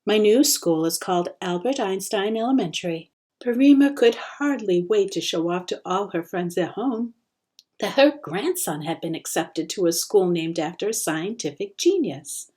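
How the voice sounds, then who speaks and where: A teacher reading the first chapter of a children's novel aloud, with expressive storytelling. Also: female voice, mid-range voice, moderate pace. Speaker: teacher sharing books.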